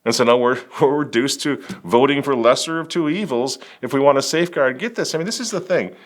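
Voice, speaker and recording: A mid-pitched man delivers religious political commentary in an emphatic, preaching way. He leans on sarcasm and drops wry little laughs between points. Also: brisk. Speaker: host.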